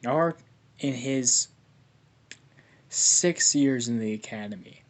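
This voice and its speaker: A man's voice: mid-range voice, takes it slowly. Man rambling through an improvised fan story. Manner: rambling, many fillers and restarts.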